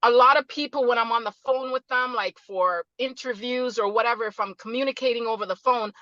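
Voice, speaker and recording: A woman's voice: a little high, fairly quick, bright, forceful tone, no room sound, highs cut off. A middle-aged woman from Jamaica with a Canadian accent, chatting casually on a video call and rambling with lots of fillers. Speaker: guest speaker.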